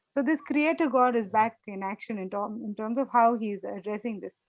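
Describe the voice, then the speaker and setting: A woman with a fairly high voice leads a small Bible study group. She talks through the passage conversationally, repeats her points and keeps asking the group whether they follow. The sound is close and dry. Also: normal speed, hardly any pauses, dry recording, muffled recording.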